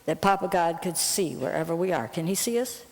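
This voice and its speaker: A woman quoting earnest young village men who ask simple, trusting questions, a little higher than her own voice. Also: animated, fairly quick, long reverb tail.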